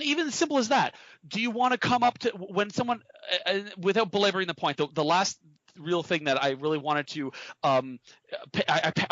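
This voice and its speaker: A man talks earnestly on a casual podcast, urging listeners to take action, and he stumbles and restarts as he goes. His voice is a little high and bright. The sound is dry and slightly dull. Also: no room sound. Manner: earnest, motivational, many restarts. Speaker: podcast co-host.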